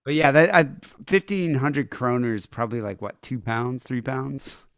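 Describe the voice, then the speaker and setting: An American man hosting a podcast, chatting loosely and wandering from point to point. His voice sits at a middle pitch. The sound is dry and close, with no room around it. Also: expressive, normal speed, a bit bright, clear, resonant tone, dry recording. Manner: rambling, offhand. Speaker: podcast host. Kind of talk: casual chat.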